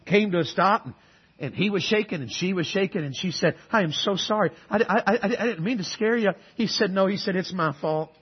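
Fiery preacher, high husky voice. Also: male voice, fairly quick, dull audio. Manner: call-and-response preaching, shifting between loud exhortation and quiet earnest asides. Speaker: guest preacher. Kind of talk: sermon.

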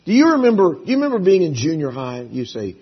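Brief: male pastor, husky voice, folksy storytelling sermon, dull lo-fi church recording. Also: fairly high pitch, wildly swooping pitch, quick pace. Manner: folksy storytelling, acts out biblical dialogue. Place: church sanctuary.

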